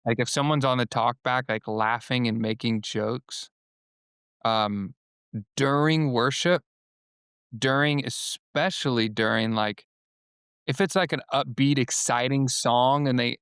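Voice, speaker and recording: Smooth-voiced man talking loosely. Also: mid-range voice, unhurried, fairly bright tone, no echo, clean studio sound. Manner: loose, rambling, many fillers and quoted asides. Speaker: guest, singer and worship leader. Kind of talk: casual podcast conversation.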